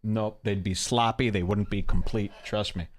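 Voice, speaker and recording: A man's voice: lowish voice, fairly even intonation, normal speed. A man hosting a podcast, mocking people's online posts with sarcastic commentary. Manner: sarcastic, reads tweets aloud in mocking voices. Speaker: host.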